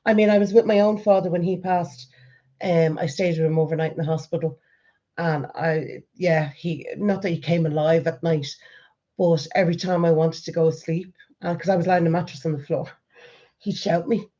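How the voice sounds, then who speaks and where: A woman in her forties with an Irish accent, chatting casually as a vlogger and telling stories in a lively way. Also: on the low side, normal speed, muffled recording. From Ireland. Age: 40s. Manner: lively storyteller, acts out quoted voices. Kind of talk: casual chat.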